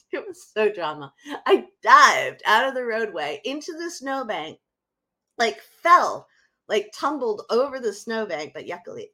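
A woman's voice: medium pitch, sharp tone. A middle-aged woman co-hosting a live podcast, telling a story dramatically and animatedly. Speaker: podcast co-host.

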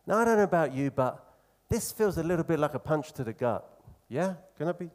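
Man preaching a sermon, earnest and conversational, emphatic pauses, somewhat high voice. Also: lively intonation, a little mellow.

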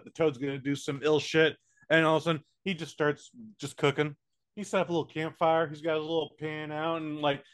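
American man, podcast co-host, middle-pitched voice, casual and profane, lots of quick impressions. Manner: animated, profane, does quick silly voices. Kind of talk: casual movie review chat.

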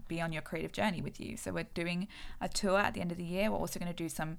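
Bubbly low-voiced woman with vocal fry. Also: steady tone, fast talker. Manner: bubbly, effusive, laughs easily. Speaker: podcast co-host. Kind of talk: casual chat.

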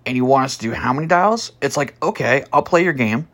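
A man telling a story about a past job as a podcast host, blunt and profane, starting slow and soft, then growing loud and heated. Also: medium pitch. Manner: slow and soft at first, growing louder and animated. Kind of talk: casual storytelling monologue.

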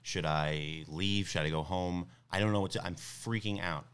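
A young man casually telling a long story on a podcast, rambling and animated, full of fillers and restarts. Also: sits low, normal speed, clear, resonant tone. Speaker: podcast guest.

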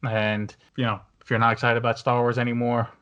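A man's voice: mid-range voice, completely flat delivery, fast talker, a bit bright, clear, resonant tone, muffled recording. Rambling man reviewing a movie. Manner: rambling, many fillers and restarts. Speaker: podcast host. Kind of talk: casual movie review chat.

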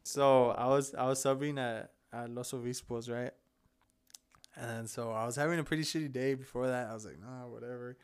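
A man's voice: medium pitch, steady tone, moderate pace, clear, resonant tone. Laughing, swearing young man telling a story. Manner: laughs a lot, swears freely, rambling storytelling. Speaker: podcast co-host. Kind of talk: casual chat.

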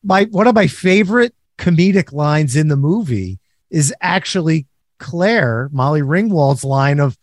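A man with a notably high voice in a casual podcast chat, recorded dry and close. He breaks down a film in a measured, analytical way. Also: lively intonation, dry recording. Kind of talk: casual movie discussion.

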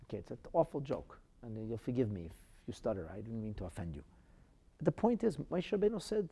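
A man teaching a Torah class as a rabbi, swinging dramatically between loud outbursts and hushed asides. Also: mid-range voice, sing-song, fast talker, vocal fry.

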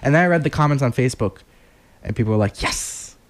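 A man's voice: medium pitch, animated, very fast. A young man from New Jersey hosting a late-night college radio show, rambling and joking and correcting himself as he goes. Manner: rambling, self-correcting, jokey.

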